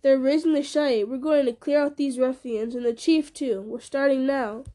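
A woman's voice: sits high, steady tone, normal speed, dark tone, close to an everyday voice. A woman reading aloud, voicing a loyal, plain-spoken male hobbit with homely, earnest speech.

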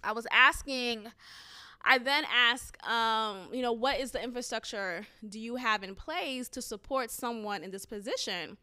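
A woman in her thirties, an educator, telling a story in a casual vlog, venting in an animated way with lots of fillers and some swearing. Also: on the high side, measured pace, clear, resonant tone.

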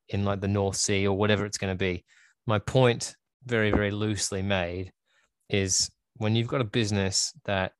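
A hoarse man wrapping up a podcast episode, rambling and self-deprecating but earnest. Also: on the low side, no room sound. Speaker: podcast host. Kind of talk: solo podcast wrap-up.

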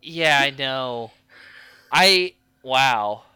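A man's voice: mid-range voice, expressive, very slow, pushed and bright, clean tone, no echo, clean studio sound. A man co-hosting a podcast in casual chat, joking and thinking aloud with restarts. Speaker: podcast co-host.

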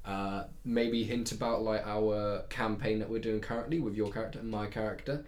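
A man co-hosting a podcast, chatting casually in an excitable, rambling way. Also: fairly low pitch, normal speed. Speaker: podcast co-host. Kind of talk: casual chat.

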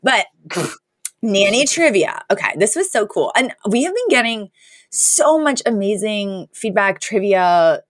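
A woman co-hosting a podcast in a casual chat, chatty and quick to laugh, with lots of "like". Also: medium pitch, very animated, no room sound, clean studio sound. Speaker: podcast co-host.

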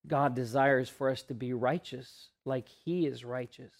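A male pastor giving an earnest sermon, asking rhetorical questions and letting his voice drop soft on key words. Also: medium pitch, steady tone, a little slow, vocal fry.

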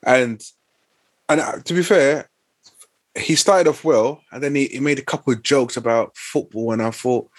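A man's voice: mid-range voice, no room sound. A man in a casual chat, often repeating words as he gets going. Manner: halting, repeats words as he starts.

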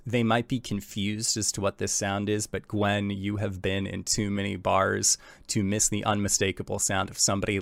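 Male game master, low gravelly voice, unhurried scene-setting narration. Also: no echo. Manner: relaxed descriptive narration with many fillers.

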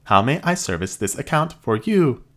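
A woman's voice: extremely low pitch, big pitch swings, moderate pace, pitched above the performer's own voice, full character voice. A man voicing a prim female security robot that speaks in stiff, formal customer-service phrases. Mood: politely robotic. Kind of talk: audiobook character voice.

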